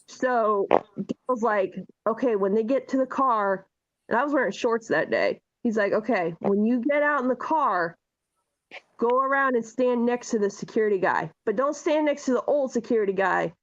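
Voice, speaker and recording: A woman co-host telling a long story in casual chat, animated and full of swearing. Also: fairly high pitch, normal speed. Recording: dull lo-fi sound.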